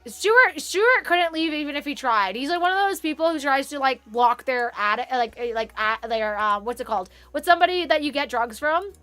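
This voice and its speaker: A young woman chatting on a live stream from her room at home. She rambles cheerfully and swears often, her voice high and bright. The sound is dry and close, with faint music behind her. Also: animated, normal speed, hardly any pauses, no room sound. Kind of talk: casual chat on a live stream.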